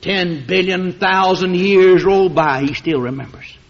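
High-voiced fiery preacher man, lo-fi. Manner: dramatic swings from hushed to shouting, drawn-out emphasis. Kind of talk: fiery sermon. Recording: dull lo-fi sermon recording.

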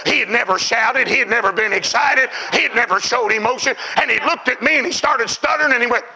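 A man preaching a sermon, telling stories with fervour and often shouting. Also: very high-pitched, fast, gravelly, slightly rough, rough recording. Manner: fervent storytelling, often shouting.

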